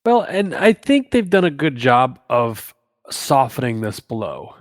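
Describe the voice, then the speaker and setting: Podcast co-host, male, thoughtful and unhurried, mid-pitched, dry sound with a lingering reverb. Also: sing-song. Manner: measured, thoughtful, with many fillers. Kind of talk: casual podcast discussion.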